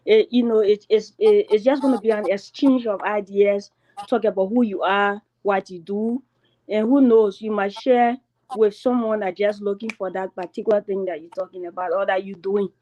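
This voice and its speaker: A woman's voice: mid-range voice, fairly even intonation, normal speed, mellow, rough recording. A woman speaking as a panelist, giving plain, practical advice and repeating her points. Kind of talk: panel discussion.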